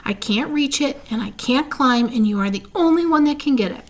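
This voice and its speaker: A woman's voice: sits high, lively intonation, moderate pace. A woman reading a storybook aloud, voicing an anxious, earnest young male pig who pleads with emotion. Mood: urgent pleading.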